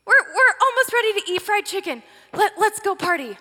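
A woman's voice: very high-pitched, animated, a little fast, sharp tone, pitched above the performer's own voice, exaggerated voice. A woman voicing a gushing, overexcited family friend at a party, with long hall reverb. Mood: thrilled. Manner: squealing, gushing.

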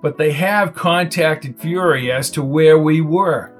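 A calm, shrewd baseball coach, as a male narrator voices him explains the scheme in an even, measured way. The voice is somewhat high for a man, with soft music underneath. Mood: explaining.

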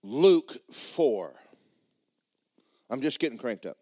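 Folksy preacher with a lively voice. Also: male voice, medium pitch, slow pace, no echo, studio quality. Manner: folksy, blunt, rising to fervent shouts. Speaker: pastor. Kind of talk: sermon. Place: church sanctuary.

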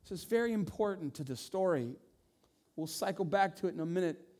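A man in his forties preaching a sermon, telling stories in an animated way and voicing the people in them. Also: high-pitched, brisk. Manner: animated storytelling with voiced asides. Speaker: pastor.

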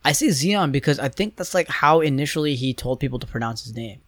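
A young man chatting loosely on a sports podcast, circling back and restarting his sentences as he thinks aloud. His voice sits at an ordinary pitch, recorded dry and close with no room sound. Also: fast talker, a bit bright, no echo. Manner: rambling, hesitant, many restarts and fillers. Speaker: podcast co-host. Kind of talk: casual sports chat.

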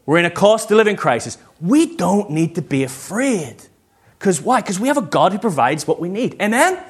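An animated man in his thirties delivers a sermon as a church pastor and calls out to his congregation for amens. His voice is husky and sits fairly high. His pitch swings widely as he preaches. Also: moderate pace.

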